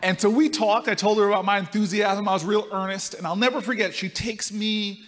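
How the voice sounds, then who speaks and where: A man's voice: high-pitched, a little fast. Man telling a story in a hall. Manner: storytelling, animated, swings between loud and soft. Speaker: speaker at a conference. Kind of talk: speech to a live audience. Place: large conference hall. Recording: reverberant hall.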